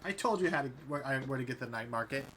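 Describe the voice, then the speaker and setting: A man's voice: medium pitch, lively intonation, fast talker, fairly bright tone, a little hiss or hum, lightly acted. A man voicing a grumpy, suspicious old woman in a tabletop game. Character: cranky old woman, half asleep.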